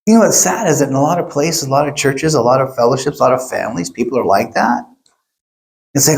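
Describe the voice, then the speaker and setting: A middle-aged male pastor preaching a sermon, telling stories in an animated way and acting out quotes. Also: medium pitch, quick pace, creaky. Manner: animated storytelling, acts out quotes. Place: church.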